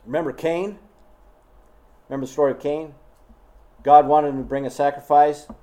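A man's voice: a little high, fairly even intonation, moderate pace, mellow. A man preaching a sermon in an emphatic, scolding way, full of rhetorical questions.

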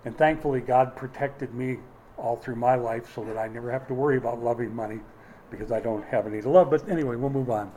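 A man's voice: mid-range voice, quick pace, dark tone, slight background noise, low-quality recording. A man preaching a sermon, emphatic, with dry humorous asides. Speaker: pastor.

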